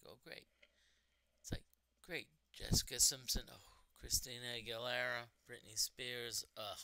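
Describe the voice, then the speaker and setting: A man streamer chatting casually while gaming, rambling and halting, often repeating his words. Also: mid-range voice, bright, forceful tone, clear, resonant tone, no echo.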